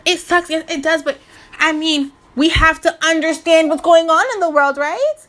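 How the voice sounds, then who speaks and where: A woman in her twenties giving a casual, slangy spiritual rant to her viewers, animated and preachy with many restarts. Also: extremely high pitch, moderate pace. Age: 20s. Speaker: spiritual vlogger.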